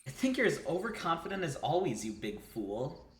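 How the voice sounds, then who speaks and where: A man voicing a sharp-tongued young female sorceress, reading game dialogue on stream. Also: on the high side, big pitch swings, normal speed, echoey room.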